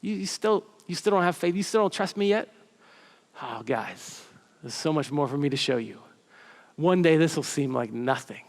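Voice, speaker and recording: A man's voice: high voice, very animated, normal speed, slightly rough, heavily acted. A man voicing a tender, coaxing Jesus. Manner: soft, coaxing, repeating words. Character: gentle loving Jesus, an adult man speaking as a tender friend.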